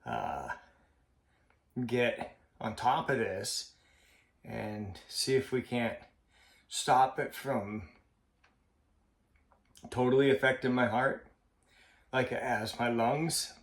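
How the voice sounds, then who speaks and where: A man vlogging in a slow, halting, heartfelt way, with a frequent cough. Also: mid-range voice, lively intonation, vocal fry. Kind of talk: personal vlog monologue. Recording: roomy echo.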